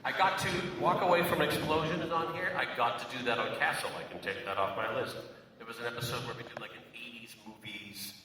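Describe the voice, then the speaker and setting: A man's voice: medium pitch, fast. A man answering fan questions at a convention in a chatty, playful way, often laughing. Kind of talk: casual live Q&A. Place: large convention hall. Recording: echoey hall, far-off mic, noisy.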